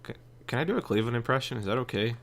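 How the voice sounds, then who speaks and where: Excitable joking man co-hosting a podcast. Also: mid-range voice, rapid-fire, creaky. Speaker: podcast co-host. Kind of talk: casual chat.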